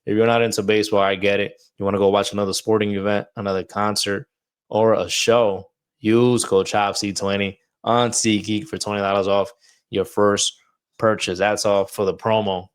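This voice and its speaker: With a fairly low, flat voice at a moderate pace and a clean tone, a podcast host chats loosely about baseball on his casual show. He's slightly out of breath and delivers ad reads in the style of a wrestling promo.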